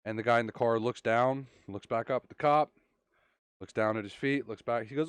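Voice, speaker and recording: A man's voice: mid-range voice, brisk, no echo. A man co-hosting a casual podcast, telling long jokes in a rambling way with fillers and restarts. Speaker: podcast co-host.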